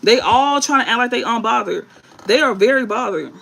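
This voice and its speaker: A woman's voice: a little high, animated, brisk, vocal fry, fairly bright tone, low-quality recording. A woman tarot reader talking straight to her viewers, emphatic and blunt, repeating her points and swearing freely. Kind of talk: spiritual reading to viewers.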